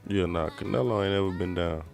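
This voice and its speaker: A man's voice: fast, creaky, soft background music. Slangy, laid-back man talking boxing. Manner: animated, slangy, swears a lot, mimics people in a high voice. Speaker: podcast co-host. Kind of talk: casual boxing chat.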